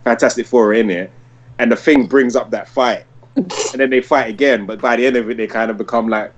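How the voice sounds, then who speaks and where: A man in his thirties co-hosting a casual podcast. He tells long, winding stories packed with "like" and restarts. His pitch sits in an ordinary middle range. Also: brisk, muffled recording. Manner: rambling storyteller, heavy use of "like". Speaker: podcast co-host. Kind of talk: casual chat.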